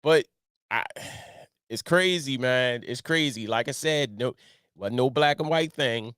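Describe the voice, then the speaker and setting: A middle-aged man hosting a casual commentary show, talking in an animated way, repeating himself and firing off rhetorical questions. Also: mid-range voice, unhurried, smooth, no echo, studio quality. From Baltimore. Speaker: online show host.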